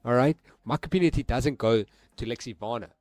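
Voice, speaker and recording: A man chatting casually to his viewers during a live stream, excitable and laughing, swearing freely and using street slang. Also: medium pitch, a little fast, no echo, clean studio sound, faint music behind. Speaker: livestreaming forex trader.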